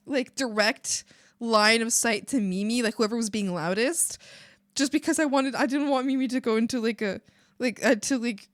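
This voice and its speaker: High-voiced woman ranting with bursts of laughter. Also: no echo, studio quality. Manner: animated, swears a lot, laughs and shouts in bursts. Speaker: streamer. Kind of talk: casual rant while drawing on stream.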